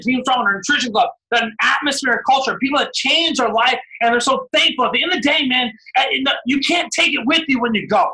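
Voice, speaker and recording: Fired-up man shouting a pep talk. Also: sits high, rough recording. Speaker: guest speaker on a team call.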